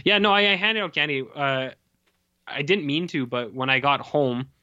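A man's voice: a little high, animated, normal speed, bright, forceful tone, dry recording. A man co-hosting a casual chat, rambling and joking with many fillers. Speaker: podcast co-host. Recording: dull lo-fi dry recording.

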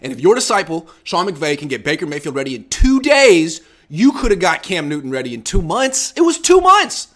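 A man's voice: a little high, very animated, fairly quick, few pauses. A young man hosting a casual sports talk show, arguing his points with animation and reading out listener comments. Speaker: podcast host.

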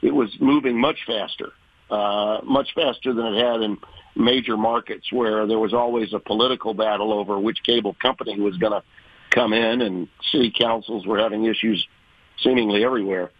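Husky veteran sportscaster telling stories. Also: male voice, lowish voice, moderate pace, dry recording, highs cut off. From Louisiana. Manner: folksy, animated storyteller, acts out quoted voices. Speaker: sports broadcaster guest. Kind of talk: conversational interview storytelling.

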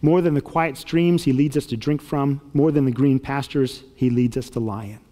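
A man reading aloud as a gentle father sheep in a storybook, speaking calmly and reassuringly. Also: mid-range voice, moderate pace, in a large hall, natural voice. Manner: calm, reassuring.

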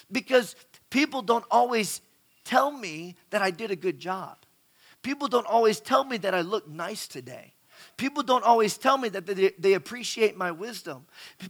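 Preaching in a chatty manner, a middle-aged man poses questions to his listeners and repeats words often. His voice sits high and has a slightly bright quality.

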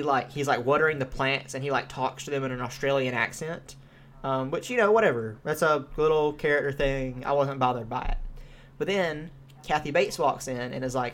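A man's voice: mid-range voice, fairly quick. A young man co-hosting a podcast, reviewing a show in casual chat with lots of fillers and free swearing. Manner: animated, swears freely, frequent fillers. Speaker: podcast co-host.

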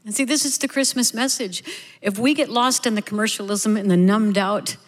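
A woman's voice: medium pitch, steady tone, normal speed, long reverb tail. A middle-aged woman giving a personal testimony sermon at a church service, telling her story in a candid, heartfelt, conversational way. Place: church sanctuary.

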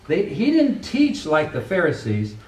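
A middle-aged pastor preaching a sermon with earnest, emphatic delivery, recorded from a distance in a church sanctuary. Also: male voice, a little high, huge pitch swings, measured pace. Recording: echoey room, voice from a distance.

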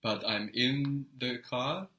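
A man teaching a one-on-one language lesson, explaining patiently and often checking with a quick question. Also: mid-range voice, pushed and bright.

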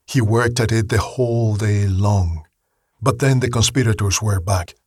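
A man reading a Bible story aloud in a slow, measured storytelling manner. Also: lowish voice, a little mellow, slightly rough, no echo, clean studio sound. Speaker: narrator. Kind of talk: scripted Bible story narration.

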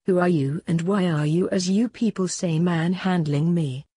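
A woman reading a story aloud, voicing a hostile male grey alien assassin, curt and demanding, in a husky voice. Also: fairly low pitch, steady tone, normal speed, dark tone.

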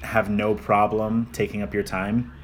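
A man's voice: lowish voice, level tone, measured pace, slight background noise. A young man co-hosting a casual podcast chat, talking in long rambling stretches with frequent restarts. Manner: rambling, repeats and restarts, self-deprecating. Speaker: podcast co-host.

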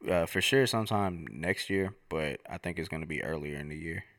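A man's voice: low-pitched, a little fast, a bit bright, dry recording, studio quality. A young man co-hosting a podcast, telling stories in casual slangy chat. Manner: laid-back slangy storytelling. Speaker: podcast co-host.

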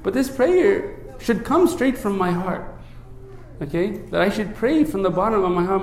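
A man who is a priest, preaching a sermon in an earnest way, often checking in with "right?" and dropping low and soft when he recites a prayer. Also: lively intonation, moderate pace, reverberant. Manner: earnest, asks many rhetorical "right?" checks.

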